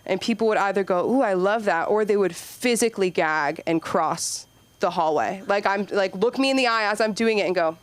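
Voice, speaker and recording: A woman's voice: mid-range voice, normal speed, no room sound. A young woman performing a rambling, self-deprecating stand-up set on a comedy club stage, peppering her talk with "like" and "you know.".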